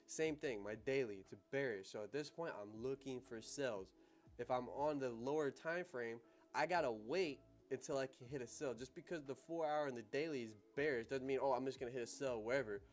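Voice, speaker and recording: A man's voice: mid-range voice, brisk, soft background music. A young man hosting a livestream on trading, talking casually in slang and laughing often.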